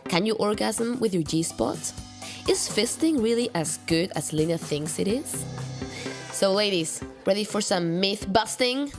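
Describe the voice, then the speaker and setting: A woman hosting a casual podcast, leading the talk with a lively, laughing manner. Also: mid-range voice, a little slow, over music. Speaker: podcast host.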